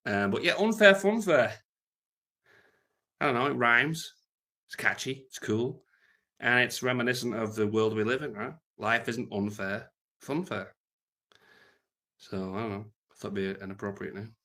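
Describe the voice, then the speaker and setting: A man's voice: medium pitch, normal speed, pauses often. A British man rambling crudely and jokily through an unscripted livestream, reading out viewer comments. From Britain. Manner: rambling, crude, jokey, trails off quietly.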